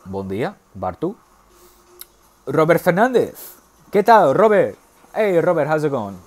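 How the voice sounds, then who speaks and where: A man's voice: a little high, very animated, a little mellow, pitched above the performer's own voice. A man doing a bumbling club president on the phone. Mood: chirpy. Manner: cheery, clueless, rushed phone chatter.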